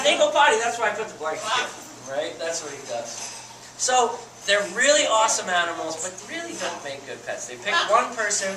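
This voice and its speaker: A man who keeps animals, giving a chatty, animated educational talk to a group and laughing often. He is recorded from a distance with loud surroundings behind him. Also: on the high side, background noise. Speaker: animal keeper. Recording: echoey and distant with loud ambience.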